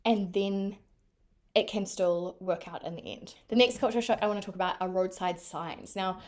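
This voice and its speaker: A young woman from New Zealand with a New Zealand accent, chatting casually to camera in an animated way with lots of fillers. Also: medium pitch, moderate pace. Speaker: vlogger.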